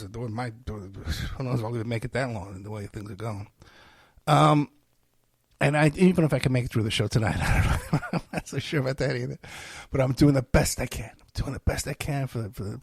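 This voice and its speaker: A man's voice: mid-range voice, gravelly, darkish tone, husky, no room sound. A male podcast host talking alone on his show, rambling and self-deprecating with many fillers, and tired and unwell. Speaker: podcast host and private investigator. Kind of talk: rambling solo podcast talk.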